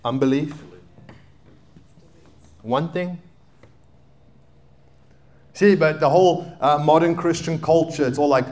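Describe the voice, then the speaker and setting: A man in his thirties preaching a sermon as a pastor, animated, swinging between loud emphatic peaks and quiet asides. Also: a little high, takes it slowly, pauses often. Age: 30s.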